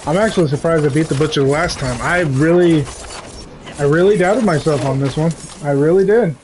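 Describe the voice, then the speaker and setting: A male streamer talks loosely over his game, drifting from one story to the next. His voice sits a little high for a man. A clear layer of noise runs underneath the talk. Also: a little fast. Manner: rambling, animated storytelling. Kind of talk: casual live-stream chat while gaming.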